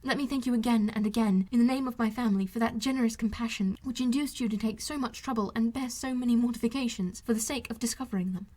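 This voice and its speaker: A woman voicing a spirited, candid young lady in an audiobook, speaking in a lively, earnest manner. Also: fairly high pitch, fast talker, hardly any pauses, close to an everyday voice. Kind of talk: audiobook character reading.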